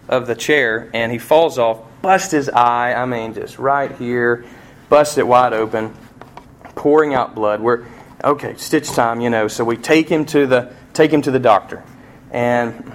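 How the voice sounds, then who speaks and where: A man preaching a sermon, telling a family story, going from hushed passages up to loud, pleading cries. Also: mid-range voice. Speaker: pastor.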